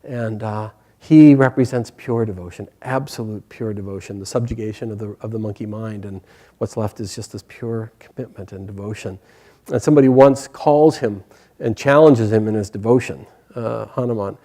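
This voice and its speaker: A man teaching a spiritual class, telling a story gently and hesitantly with many pauses and fillers. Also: on the low side.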